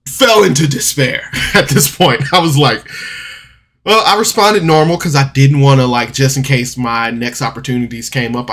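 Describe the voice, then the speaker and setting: A man's voice: mid-range voice, sharp tone. A man telling a personal story to camera in a rambling, candid way, with frequent restarts and rueful laughs. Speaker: vlogger.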